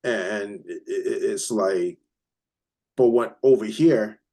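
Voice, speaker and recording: A man's voice: fairly low pitch, slow, dark tone. An American man, a hip hop producer, chatting casually as a guest, laid-back, swearing freely and stumbling over restarts. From United States. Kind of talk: casual interview chat. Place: lives abroad, remote call.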